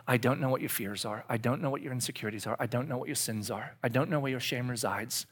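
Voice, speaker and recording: A man's voice: medium pitch, fast, breathy edge. Man in his forties preaching confessionally. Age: 40s. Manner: confessional, swings from hushed whispers to loud animated outbursts. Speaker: pastor. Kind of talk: sermon.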